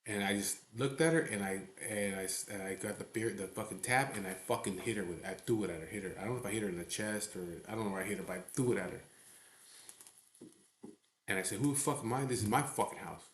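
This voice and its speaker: A man with a low voice tells a story in a blunt, profane, casual way, often checking in with his listener. He speaks from a garage hangout, and the room gives his voice a noticeable echo. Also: fast, slight background noise. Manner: blunt, profane, keeps saying "you know what I mean". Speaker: biker club member telling a story. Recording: echoey room.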